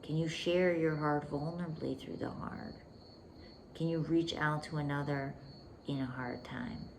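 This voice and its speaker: A woman's voice: low-pitched, fairly even intonation, a little slow, vocal fry, slight background noise. A woman hosting a relationship podcast, talking intimately and emphatically, calling the listener "baby" and dropping into whispers for emphasis. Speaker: podcast host. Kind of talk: relationship coaching monologue.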